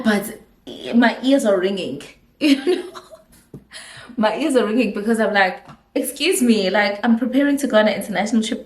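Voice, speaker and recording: A woman's voice: medium pitch, a little mellow. A young South African woman telling a personal story in a chatty vlog, slipping in isiZulu phrases. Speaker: YouTuber. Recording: roomy echo.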